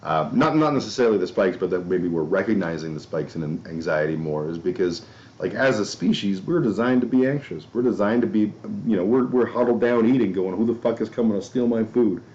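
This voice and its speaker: A man's voice: sits low, lively intonation, fairly quick, a little mellow. A man hosting a podcast in a casual chat, rambling loosely with casual swearing and self-deprecating asides. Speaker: podcast host. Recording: dull lo-fi audio.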